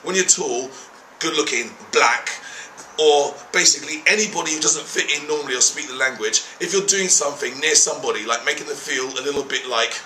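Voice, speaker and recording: A man's voice: a little high, brisk, roomy sound, a little hiss or hum, poor audio. A man telling a story casually, swearing freely and acting out the people in it. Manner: animated, profane, acts out quoted people. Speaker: travel documentary host.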